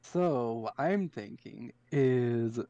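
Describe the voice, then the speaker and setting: Relaxed man chatting in a dry room. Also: mid-range voice, very slow, gravelly, no room sound, dull audio. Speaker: player brainstorming characters. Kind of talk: casual chat.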